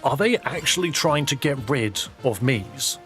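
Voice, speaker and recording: British man, live streamer, wry casual chat, mid pitch, faint music behind. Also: lively intonation, a little slow, fairly bright tone. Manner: chatty, wry, laughs often.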